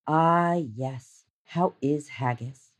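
A woman's voice: low voice, drawn-out words, full character voice. A woman doing a confused sweet old aunt in her eighties. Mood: bewildered. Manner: bewildered, brightening questions.

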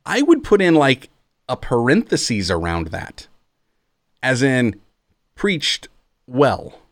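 A man's voice: medium pitch, huge pitch swings, unhurried, no room sound. A man who is a pastor and podcast co-host, talking in an earnest, emphatic, sermon-like way. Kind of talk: podcast conversation.

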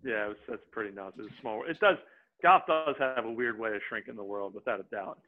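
A man, a podcast guest, telling a story in a casual, animated way and acting out what people said. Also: lowish voice, a little fast. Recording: tinny phone-like line.

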